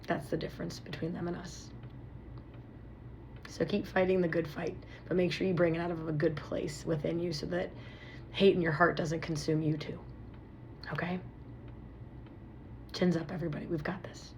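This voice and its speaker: Woman psychic medium, casual vlog to camera; blunt, animated, swears, emotional. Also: lowish voice, moderate pace, long pauses, slight background noise. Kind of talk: casual direct-to-camera talk.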